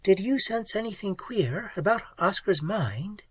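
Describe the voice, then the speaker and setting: An audiobook reader voicing an earnest, quick young woman traveler who speaks softly and questions a lot. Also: expressive, breathy edge, no room sound. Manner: pleading, questioning, softer and higher than the narration. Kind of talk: audiobook character voice.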